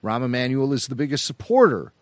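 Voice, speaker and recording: A man's voice: medium pitch, big pitch swings, brisk, dry recording. A man co-hosting a podcast, explaining a news report in an earnest, casual way.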